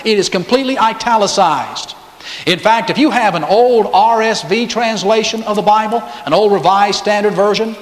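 A high-voiced man delivers a sermon, telling the story and acting out the people he quotes. His voice rings through an echoing hall with a long reverb tail. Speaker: pastor.

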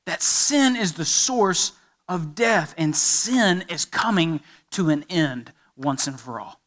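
A man's voice: on the high side, fairly bright tone. A man preaching a sermon as pastor, emphatic and building with repeated phrases.

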